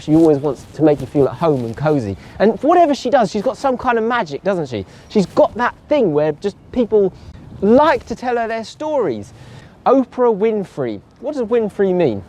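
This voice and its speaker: A man's voice: a little high, warm tone, slight background noise. A man in a casual podcast chat, joking playfully and spinning absurd tangents. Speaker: podcast co-host.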